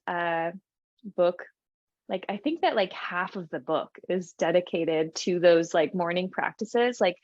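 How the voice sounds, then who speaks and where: A woman's voice: mid-range voice, no room sound, muffled recording. A young woman co-hosting a podcast, chatting casually with lots of fillers, restarts and laughs. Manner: rambling, many fillers and restarts, laughs often. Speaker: podcast co-host. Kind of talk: casual chat.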